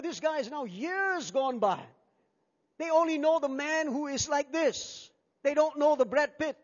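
A man preaching a sermon as pastor, animated and acting out the people in his story. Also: very high-pitched, a little slow. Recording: dull sound with long hall reverb.

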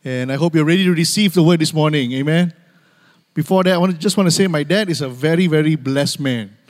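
In a church sanctuary full of long hall reverb, a pastor with a fairly high voice preaches quickly. He keeps asking for amens and hammers home key phrases by repeating them.

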